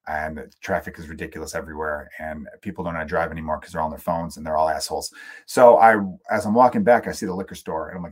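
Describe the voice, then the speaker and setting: Male podcast host from the US, solo rant, profane, animated, sarcastic. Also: sits low, quick pace. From United States.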